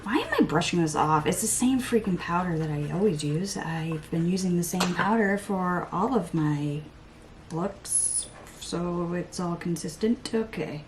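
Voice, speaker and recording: A woman's voice: fairly low pitch, a little slow, slight background noise. A woman chatting casually to her viewers while doing her makeup, rambling and poking fun at herself. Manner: rambling, self-mocking, breaks into playful voices and laughs. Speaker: beauty vlogger. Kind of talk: chatty get-ready-with-me vlog.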